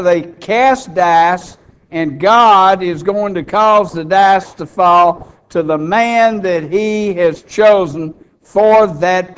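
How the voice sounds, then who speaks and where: High, slow-speaking male preacher. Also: clear, resonant tone. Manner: teaching, reads scripture aloud, asks the crowd questions. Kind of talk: expository sermon.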